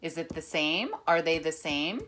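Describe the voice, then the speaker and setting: A woman teacher reading a picture book aloud with lively emphasis, then patiently explaining a rhythm lesson. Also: sits low, moderate pace. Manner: animated, expressive reading with dramatic emphasis; patient, encouraging classroom explanation. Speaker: music teacher.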